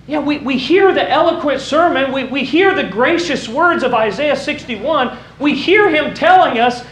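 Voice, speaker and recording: Male pastor, sermon delivery, high voice, lively, recorded in a roomy church. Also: moderate pace, a little hiss or hum. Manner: animated, rises to shouting for emphasis. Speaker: preacher. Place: church sanctuary.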